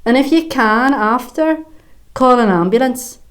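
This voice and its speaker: An actress playing a bitter, fierce middle-aged Irish mother, delivering a sharp-tongued, swearing stage monologue in an Irish accent. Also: a little high, expressive, a little slow. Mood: scornful, fierce.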